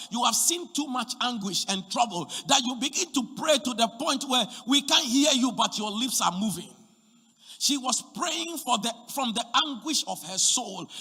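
A man preaching a sermon as pastor, swinging from shouted appeals to hushed, near-whispered lines. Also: high-pitched, breathy edge. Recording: long hall reverb.

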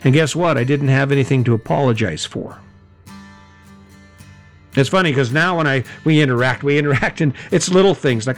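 A middle-aged man giving a high-energy, conversational motivational talk, often correcting himself mid-sentence. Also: normal speed, soft background music. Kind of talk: motivational monologue.

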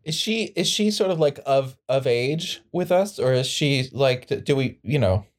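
A player at a tabletop game rambles along with frequent laughter. The pitch is mid-range but swings about widely. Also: expressive, moderate pace. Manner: giggly, rambling. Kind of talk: tabletop role-play chat.

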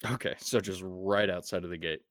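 A man's voice: low voice, steady tone, a little fast, fairly bright tone, dry recording, clean studio sound. A man narrating as game master of a tabletop game, laid-back and profane, with many fillers.

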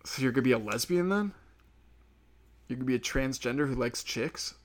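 A man's voice: medium pitch, animated, a little fast. Rambling, profane man hosting a solo podcast. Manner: rambling, profane, laughs at his own jokes; acts out quoted people in sudden bursts. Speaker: podcast host.

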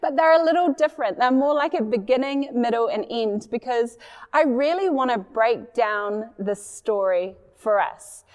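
A woman's voice: fairly high pitch, expressive, normal speed, darkish tone, long reverb tail. A woman preacher giving a sermon, reading scripture expressively and adding chatty asides.

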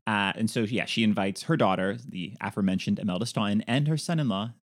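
A man with a fairly low voice co-hosts a casual film podcast. He recaps the plot in a chatty way, slipping in playful asides. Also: fast. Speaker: podcast co-host.

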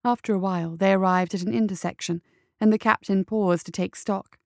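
Woman narrator, storybook reading, gravelly, dry close sound. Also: mid-range voice, steady tone, brisk, no room sound. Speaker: audiobook narrator.

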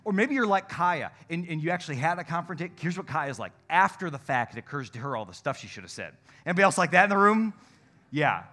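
A man preaching a sermon and telling a personal story, swinging between loud and hushed delivery. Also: a little high, very animated, fast. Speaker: pastor. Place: church service.

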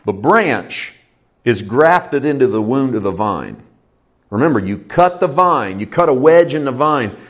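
A middle-aged man preaching a sermon as a pastor, talking through the passage in an easy, teaching way and now and then rising into fervent preaching. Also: mid-range voice. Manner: conversational teaching with sudden lifts into preacher fervor.

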